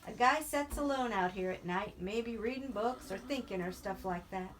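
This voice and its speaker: A woman's voice: medium pitch, moderate pace, a little hiss or hum, natural voice. A woman voicing a lonely, bitter older male ranch hand, with an earnest, probing rural drawl in an audiobook reading.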